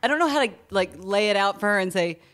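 A woman's voice: medium pitch, animated, quick pace, a bit bright. A woman with a Southern US accent, talking as a guest in a casual interview, chatty and full of laughs and restarts. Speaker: actor, guest.

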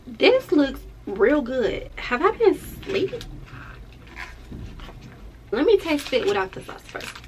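A woman's voice: high voice, sing-song, slow pace, pauses often, a little hiss or hum. Chatty woman vlogging casually. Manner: chatty, loose and playful, talks straight to viewers. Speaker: lash tech vlogger. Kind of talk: casual vlog chat.

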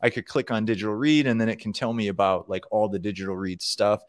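A man's voice: lowish voice, steady tone, fast talker, dry recording, clean studio sound. A man co-hosting a casual live show about programming, talking loosely with many fillers and restarts. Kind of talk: casual live-stream chat.

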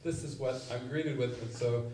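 A man giving a spiritual retreat talk, telling stories and acting out quotes with sudden loud bursts. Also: medium pitch, fairly even intonation, normal speed. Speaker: spiritual teacher. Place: retreat meeting room. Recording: roomy, mic at a distance, faint noise.

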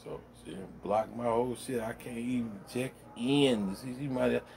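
A man's voice: mid-range voice, fairly even intonation, moderate pace, gravelly, a little mellow, a little hiss or hum. A middle-aged man rambling bluntly in a casual monologue, full of profanity, recorded at home in his man cave. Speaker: vlogger.

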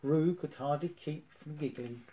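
A man reading a children's storybook aloud in a gentle, expressive way. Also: a little high, unhurried, poor audio.

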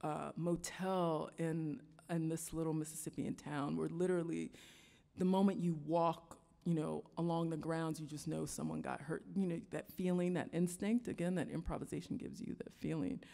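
Woman storyteller, low-ish voice, earnest and halting, live hall with long reverb. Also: fairly even intonation, vocal fry, dark tone. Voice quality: reflective, earnest, halting with fillers. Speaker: musician and storyteller. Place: stage in a large hall before an audience.

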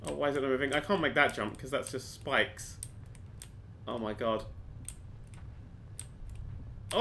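His voice sits high, bright and forceful as he provides let's play commentary for his gaming channel. The man is jumpy throughout, swearing a lot and talking to himself while he plays.

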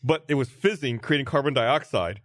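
Sachlich erklärender Mann im Podcast. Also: male voice, mid-range voice, a little fast, no echo. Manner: reasoning, explains matter-of-factly. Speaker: podcast co-host. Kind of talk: casual chat.

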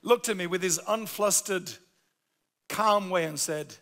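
A Yorkshire man delivers a sermon in a high, gravelly voice. His tone is bright and forceful, and he leans hard on key words as he tells a humorous story. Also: unhurried. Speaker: pastor.

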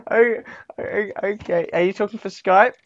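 A man's voice: very high voice, pushed and bright, no echo. A man chatting casually with a friend on a call, giggling and breaking into helpless laughter. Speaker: host. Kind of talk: casual chat over a call. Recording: dull lo-fi recording.

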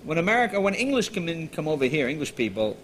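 A man's voice: on the high side, sing-song, quick pace, fairly bright tone, a little hiss or hum. A man in his forties hosting a talk show, bantering and joking with a guest. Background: studio audience.

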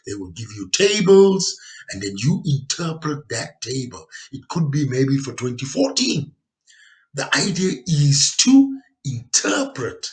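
Male teacher checking in often. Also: mid-range voice. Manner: checks in often with okay and all right; stresses key words with sudden loud pushes. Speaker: geography teacher. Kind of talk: classroom lesson over slides.

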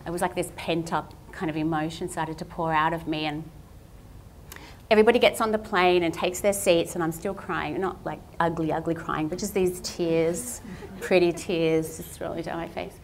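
A woman speaks to an audience about her own art. Her delivery is candid and self-deprecating, in a fairly low voice. Faint background hiss sits under the recording. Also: fairly even intonation, normal speed. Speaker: guest artist speaker. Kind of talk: public talk with slides. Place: talk venue at a justice centre.

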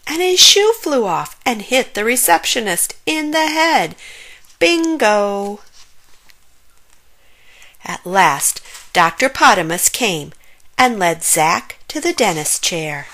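A woman reading a children's story aloud with expressive, playful narration. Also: a little high.

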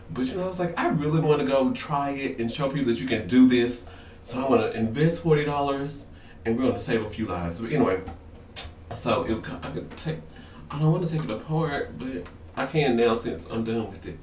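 A man's voice: medium pitch, slight background noise. Nervous, chatty young man vlogging. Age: 20s. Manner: nervous, chatty, sassy, says "girl" often. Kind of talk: casual vlog talk. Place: home bathroom. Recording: roomy echo, slightly distant.

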